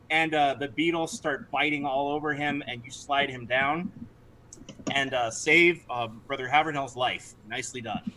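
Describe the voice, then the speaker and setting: Acting as game master for a tabletop game, a man narrates in a chatty way, full of restarts and fillers. His mid-range voice is bright and forceful at a normal speed, captured on a low-quality recording with slight background noise.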